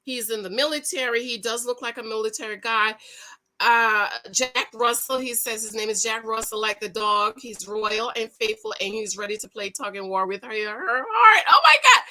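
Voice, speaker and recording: A woman's voice: fairly high pitch, fairly even intonation, moderate pace, sharp tone. A woman recapping a reality dating show in a casual vlog, gushing and rambling with frequent self-corrections.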